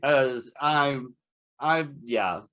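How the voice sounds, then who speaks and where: A man's voice: mid-range voice, extremely slow, a bit bright, clean tone. A man being interviewed about his horror hosting show, chatty and candid, laughing often as he talks. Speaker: guest, horror host performer. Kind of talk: casual interview.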